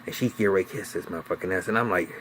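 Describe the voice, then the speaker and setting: Low-pitched and racing, with slight background noise, a man recaps a TV episode loosely. He swears freely and narrates energetically, putting voices to the characters' quotes.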